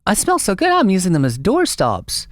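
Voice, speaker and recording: A man's voice: high voice, wildly swooping pitch, moderate pace, no echo, voice pushed up. A man impersonating a folksy Texan woman with a Texas accent, drawling and affectionate. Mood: sweet, amused.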